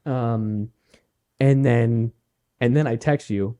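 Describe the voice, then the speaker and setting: A man's voice: medium pitch, slow. A young man co-hosting a podcast, telling a story in casual chat, swearing freely and acting out the voices of people he quotes. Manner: profane, animated when acting out quotes. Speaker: podcast co-host.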